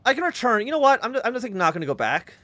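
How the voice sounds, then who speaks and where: A man's voice: very high voice, very animated, very fast, sharp tone, dry recording. A man streaming a story game who reads the text aloud and breaks in with casual, incredulous asides. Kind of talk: let's play with read-aloud narration.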